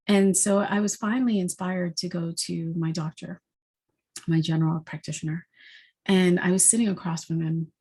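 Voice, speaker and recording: A woman sharing a personal story, halting and earnest, with frequent restarts and repeated words. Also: fairly low pitch, steady tone, warm tone, husky. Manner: earnest and heartfelt.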